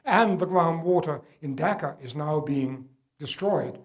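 An older man speaks to a gala audience in a measured lecture. His voice sits a little high for a man, and he leans on key words, then drops to a hush when the stakes are serious. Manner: earnest, emphatic, drops to quiet for weight. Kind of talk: public lecture with slides. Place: gala event hall.

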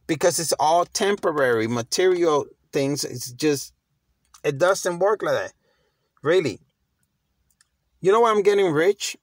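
A middle-aged man delivers casual, slangy motivational talk as a vlogger, in a fairly high, animated voice. He keeps a measured pace with long pauses, and he's emphatic and conversational, repeating words as he restarts phrases.

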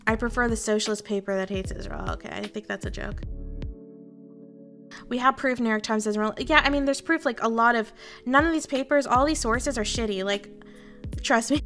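Candid Canadian woman with a high voice. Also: moderate pace, pauses often, fairly bright tone, soft background music. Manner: candid, rambling, swears freely. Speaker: VTuber streamer. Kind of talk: casual commentary to viewers.

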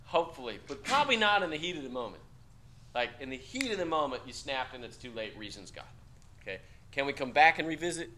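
Blunt, animated male classroom instructor. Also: medium pitch, quick pace, slight background noise. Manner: blunt, profane, animated questioning of students. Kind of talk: classroom discussion lecture.

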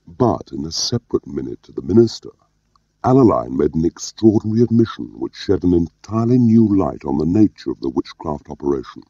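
A man narrating an audiobook in a measured, understated way. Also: deep voice, dark tone, no room sound. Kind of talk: scripted narration. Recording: dull lo-fi audio.

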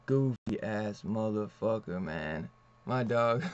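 A man's voice: on the low side, animated, slow, noisy background. A man reviewing a comic book in a loose, rambling way, swearing freely and laughing often. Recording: dull lo-fi recording.

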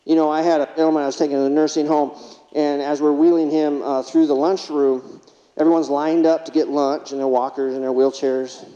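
A man's voice: a little high, level tone, fairly quick, warm tone. A man giving a humorous conference keynote, telling stories and acting out what others said. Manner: humorous, acts out quotes from patients. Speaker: keynote speaker. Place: conference hall. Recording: lo-fi recording, long hall reverb.

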